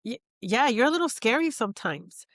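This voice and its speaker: A woman hosts a podcast and reflects warmly on her guest, talking in a relaxed, conversational way. She laughs easily between her points. Her voice is close and dry. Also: on the high side, brisk, dry recording. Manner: reflective, laughs often, sums up the guest's traits. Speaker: podcast host. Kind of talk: casual interview conversation.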